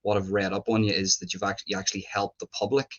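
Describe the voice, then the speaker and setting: Chatty, low-voiced male interviewer. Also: flat delivery, quick pace, fairly bright tone, dull audio. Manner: chatty, searching questions, filler-heavy. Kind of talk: casual interview.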